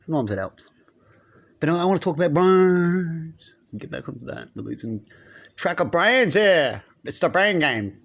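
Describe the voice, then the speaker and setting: A man's voice: mid-range voice, animated, moderate pace. A man vlogging in a casual, rambling monologue, musing aloud and asking rhetorical questions.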